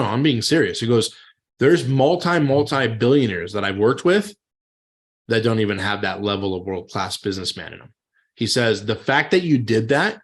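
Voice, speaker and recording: A man, a chef and business coach, giving a motivational talk to other chefs, retelling conversations in lively storytelling. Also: fairly low pitch. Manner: storytelling, animated retelling of dialogue; many fillers and restarts.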